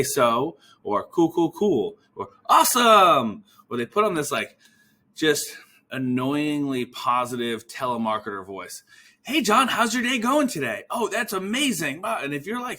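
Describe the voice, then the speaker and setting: A man hosting a podcast for physical therapists, talking casually and acting out sample phone calls in quick put-on voices. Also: mid-range voice, bright, forceful tone. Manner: casual, swears now and then. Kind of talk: casual coaching talk.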